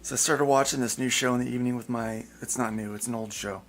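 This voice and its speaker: Man, gravelly voice, casual host, rambling, jokey. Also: medium pitch, steady tone, fast, fairly bright tone, faint music behind. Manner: joking, rambling with fillers. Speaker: podcast host. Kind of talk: casual panel chat.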